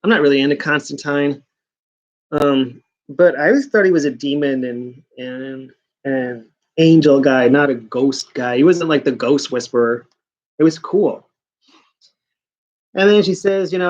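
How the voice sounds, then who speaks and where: A man's voice: fairly high pitch, unhurried, pauses often. A man talks through a comic book in a casual review, sarcastic and rambling. He keeps throwing in mocking asides. The recording sounds dull and lo-fi.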